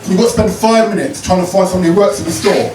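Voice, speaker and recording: A man's voice: sits high, fast, darkish tone. A man from Croydon doing a cheeky stand-up routine and getting the crowd to call back the punchline. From Croydon, South London. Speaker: stand-up comedian. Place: comedy club stage with a live audience. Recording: roomy live club sound, distant mic, noisy.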